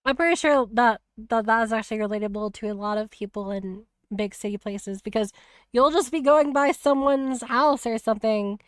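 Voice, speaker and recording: A woman's voice: fairly high pitch, normal speed, clear, resonant tone, no echo, clean studio sound. A woman hosting a stream, chatting casually about a video game and retelling scenes with many restarts. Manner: rambling, many restarts, laughs easily. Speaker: streamer host.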